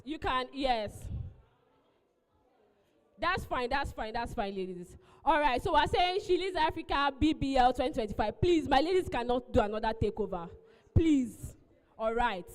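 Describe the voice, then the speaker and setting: Woman event host, high bright voice, keeps coaxing everyone, long hall echo. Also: animated, a little slow. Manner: coaxing, repeats pleas. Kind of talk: live event emcee announcements.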